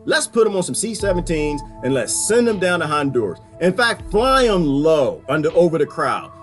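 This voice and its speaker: A man's voice: on the high side, very animated, normal speed, soft background music. A man ranting in a casual monologue, rambling and laughing often as he slips into quoted voices. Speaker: vlogger.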